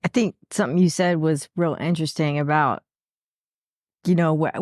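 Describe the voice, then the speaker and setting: A woman with a low voice co-hosts a podcast, thinking aloud in a casual, slightly hesitant way. The recording is dry and close. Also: no room sound. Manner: thoughtful, casual, hesitant with fillers. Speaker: podcast co-host. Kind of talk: reflective podcast talk.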